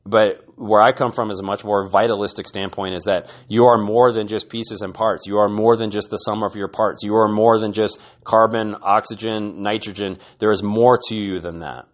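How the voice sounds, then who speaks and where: Guy doing a motivational podcast talk, earnest and encouraging, kinda low voice. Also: fairly even intonation, normal speed, hardly any pauses. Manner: earnest, encouraging, repeats words. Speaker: podcast host.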